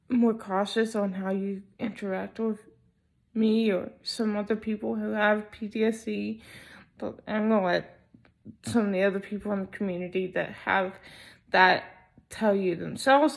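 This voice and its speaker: Slow, hesitant young woman vlogging. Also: medium pitch, creaky. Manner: slow, hesitant, many ums. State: sleepy, not fully awake. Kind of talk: casual personal vlog talk.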